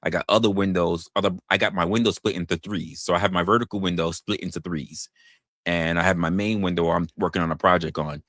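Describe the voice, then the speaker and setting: A man streaming online in casual chat, venting in an animated way with frequent restarts, swearing freely, and rising to incredulous outbursts. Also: deep voice, no room sound, clean studio sound. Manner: halting restarts.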